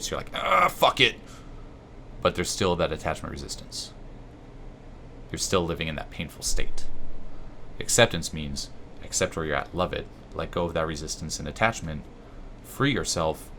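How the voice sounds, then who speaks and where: A man's voice: deep voice, fairly bright tone, slight background noise. A man whose first language is French talks casually about self-help, loosely and with lots of swearing. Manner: loose and profane, with a slight halting quality. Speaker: YouTube host.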